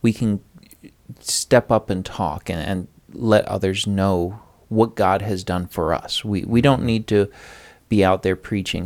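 In this Bible study talk, a man reads out a passage before turning to an earnest, conversational reflection on sharing one's faith. He sounds a little mellow, unhurried, and on the low side.

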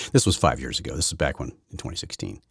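A man's voice: very deep voice, gravelly, slightly rough, dry recording, studio quality. A man hosting a solo political commentary podcast, rambling and combative, often correcting himself mid-sentence. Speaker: podcast host.

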